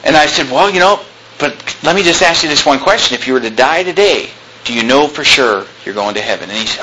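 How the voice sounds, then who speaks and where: A man's voice: medium pitch, expressive, fast talker, noisy background. A man preaching a sermon as a pastor, telling stories animatedly, acting out dialogue and dropping sarcastic asides.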